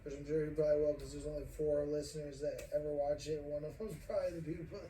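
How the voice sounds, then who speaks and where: A man's voice: a little high, steady tone, quick pace, dark tone. Rambling, profane young man hosting a podcast. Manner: rambling, profane, laughs often. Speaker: podcast host. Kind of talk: casual podcast chat. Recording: roomy, distant mic, faint noise.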